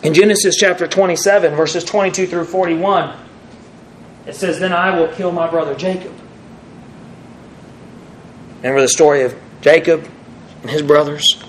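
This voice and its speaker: A man's voice: normal speed, long pauses, a little hiss or hum, rough recording. A man preaching a sermon, reading scripture aloud and acting out the quoted lines with big swings in his voice, now and then correcting his own slips. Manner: animated, acts out the quoted lines with pitch swings; self-correcting, apologizes for slips.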